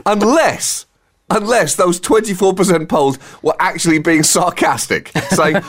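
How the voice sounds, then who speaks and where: A man's voice: sits high, a little slow. A man co-hosting a satirical comedy podcast, delivering sardonic riffs and chuckling at his own jokes.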